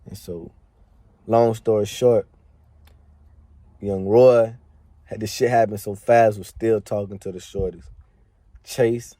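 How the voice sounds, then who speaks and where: Mellow low-voiced young man telling a story. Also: fairly even intonation, slow, pauses often, no echo. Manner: slangy and profane, packed with "like" and "man" fillers. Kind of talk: casual spoken storytelling.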